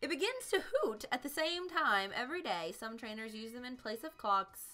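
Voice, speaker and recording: Bubbly girl streaming a game, bright voice all over the place, game music faint behind. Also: a little high, big pitch swings, moderate pace. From South Carolina. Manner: bubbly, giggly, chatty with chat. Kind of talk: live gameplay commentary.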